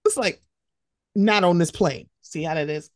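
A young woman hosting a podcast in casual chat, animated and jumping into high, excited voices as she tells stories. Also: normal speed, dry recording, clean studio sound. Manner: animated, swings into high excited voices when quoting herself. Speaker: podcast host.

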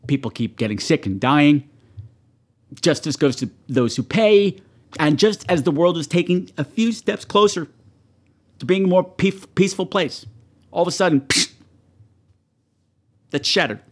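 A man's voice: on the high side, animated, moderate pace, slightly rough. A man hosting a horror movie show, talking casually and profanely to his viewers and shrieking in mock panic.

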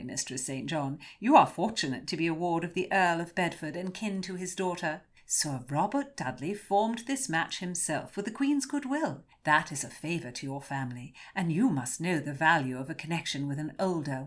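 A woman voicing a vain, bossy young noblewoman who speaks in a high, loud, gushing and imperious way. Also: animated, normal speed, hardly any pauses. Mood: commanding.

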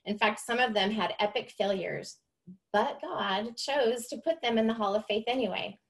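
A woman's voice: on the high side, normal speed. Earnest woman sharing her faith. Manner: earnest, confessional. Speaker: podcast host. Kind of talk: personal faith testimony podcast.

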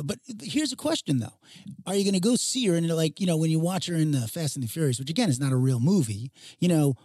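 A man's voice: on the high side, darkish tone, breathy edge, no room sound. Emphatic opinionated man, dry sound. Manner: opinionated, emphatic, rhetorical questions. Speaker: podcast co-host. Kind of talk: casual chat.

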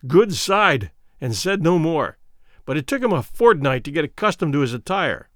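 A man narrates an old adventure story in a high, very lively voice that leaps around as he reads. The sound is dry and close, with no room around it. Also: normal speed, dry recording. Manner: animated reading, voicing characters with shifts in pitch and volume. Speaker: audiobook narrator. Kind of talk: scripted narration of a classic adventure novel.

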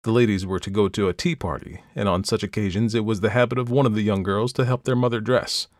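Male audiobook narrator, lowish voice, steady classic-fiction reading. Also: fast, dry recording, clean studio sound.

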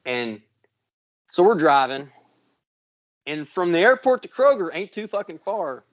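Taking his time in a sing-song, high voice, this podcast co-host recounts a lengthy, foul-mouthed story casually, voicing both people in an argument. The recording is muffled but has no echo.

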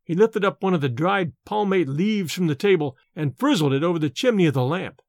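A man reading an audiobook in a measured, expressive way. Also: high voice, no room sound, clean studio sound. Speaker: narrator. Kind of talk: audiobook narration.

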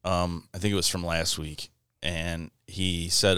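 A man co-hosting a podcast, telling stories in an animated, casual way and swearing freely. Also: low-pitched, measured pace, clean tone, no room sound, studio quality. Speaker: podcast co-host. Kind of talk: casual chat.

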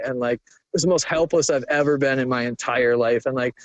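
A man's voice: mid-range voice, brisk, dry recording. Young man, interview guest: loose, profane, filler-heavy storytelling, dry close sound. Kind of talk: candid personal storytelling.

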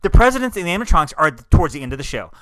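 Fast, bright-voiced man ranting. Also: a little high, dry recording. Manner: animated, opinionated ranting. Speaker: podcast co-host. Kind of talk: casual chat.

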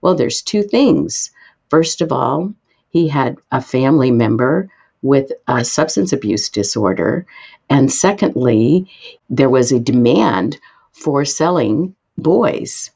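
A woman guest expert answering interview questions, explaining in an emphatic way with sudden lifts in pitch. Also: animated, slow pace, vocal fry, a little mellow, husky, muffled recording.

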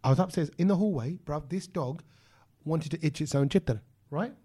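A man, co-hosting a podcast and telling an animated story in casual chat. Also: on the high side, moderate pace. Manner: animated, acts out quotes, says "bruv" often. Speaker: podcast co-host.

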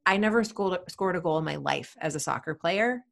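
A woman in her thirties talks in an animated, conversational way as an interview guest. She jumps into higher, bouncier tones when she mimics a parent cheering a child on. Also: fairly quick, creaky. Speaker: guest, sports psychology expert.

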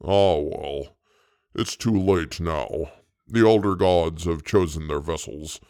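Man putting on a entranced old prophet of doom, very deep, dragging slow, dark, ominous. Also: dry recording, clean studio sound. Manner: slow, doom-laden pronouncements. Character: ominous fat old man speaking in a trance.

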